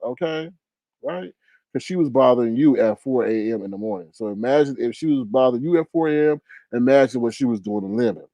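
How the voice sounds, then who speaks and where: A man hosting a livestream of gossip commentary, talking in an animated way with frequent laughs and drawn-out asides. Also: medium pitch, no echo. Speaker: online show host.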